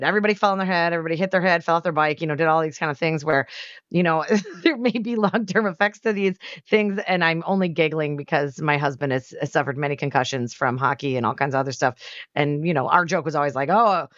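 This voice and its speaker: A woman's voice: low-pitched, fairly bright tone, no echo, muffled recording. A woman in her forties co-hosting a morning radio show, chatting casually with lots of fillers and giggles. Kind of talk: casual on-air banter.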